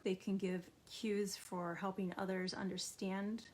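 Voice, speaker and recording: A middle-aged woman teaching an art therapy activity, her voice gentle and encouraging. She speaks to the viewer directly as she draws, at an ordinary middle pitch. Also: level tone, a little slow, a little hiss or hum. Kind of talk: instructional art therapy video.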